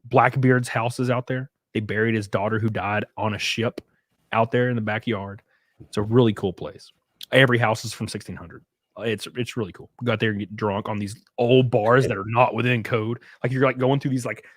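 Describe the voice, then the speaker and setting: A man's voice: medium pitch, no room sound. A man rambles through anecdotes on a live stream, loose and chatty, lots of fillers and acted-out quotes. His voice sits mid-range and sounds dry and close to the mic. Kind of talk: casual storytelling chat.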